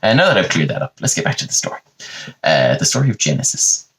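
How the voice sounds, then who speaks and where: A man's voice: deep voice, big pitch swings, fast, a bit bright. A man hosting a comedy podcast, telling a rambling, profane comic story in a casual conversational way.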